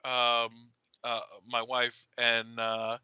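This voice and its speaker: A middle-aged man co-hosting a casual chat show, animated and laughing as he tells a story. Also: medium pitch, extremely slow, clean tone, no room sound, muffled recording. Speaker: co-host.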